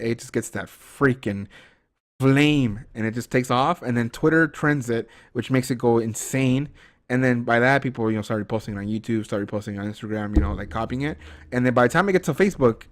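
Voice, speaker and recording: A young man hosting a podcast, chatting casually in a rambling, profane, animated way. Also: mid-range voice, a little fast. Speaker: podcast host. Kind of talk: casual chat.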